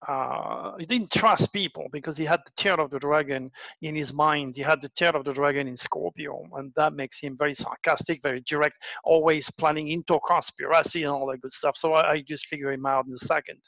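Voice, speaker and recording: This man talks fairly quickly with vocal fry, spinning casual stories as an astrologer and voicing each character with dramatic pitch leaps. There's no echo; the audio is dry, dull, and lo-fi.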